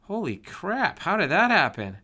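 A man voicing an excitable young male friend who talks loud and fast in an audiobook. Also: a little high, voice pushed up. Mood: excited.

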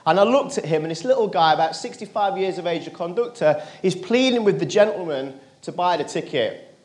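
High-voiced man telling a story. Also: animated, brisk. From England. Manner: earnest, drops his voice low and quiet for quoted lines. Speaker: motivational speaker. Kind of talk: storytelling speech to an audience.

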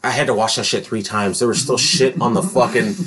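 A man's voice: medium pitch, a little fast. Profane man telling a gross story. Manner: profane, animated storytelling with sudden loud outbursts. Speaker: podcast co-host, caregiver. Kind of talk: crude casual storytelling.

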